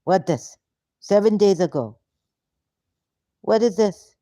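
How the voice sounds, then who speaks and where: A woman's voice: mid-range voice, expressive, slow pace, mellow, dry recording, clean studio sound. A woman vlogger delivering an angry, frustrated, confrontational monologue straight to her viewers. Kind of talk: ranting monologue to camera.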